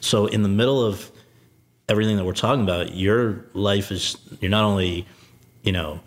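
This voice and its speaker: A man hosts an interview and frames his questions at length. He speaks in a measured, thoughtful way, restarting phrases as he thinks. His voice sits on the low side. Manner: measured, reads quotes, thinks aloud with restarts. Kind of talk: conversational interview.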